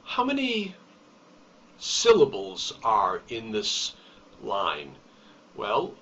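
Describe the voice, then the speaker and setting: A man teaching a recorded poetry lesson, explaining terms slowly and deliberately and stressing key words. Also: fairly low pitch, wildly swooping pitch, sharp tone, a little hiss or hum. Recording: distant, dull lo-fi recording.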